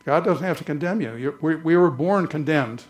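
A man preaching a conversational church sermon, slowing down to read scripture aloud. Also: fairly high pitch. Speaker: pastor.

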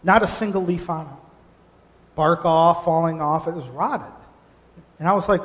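Middle-aged male pastor, sermon delivery, higher-pitched, animated with frequent restarts, long hall reverb. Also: normal speed, long pauses. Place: church sanctuary.

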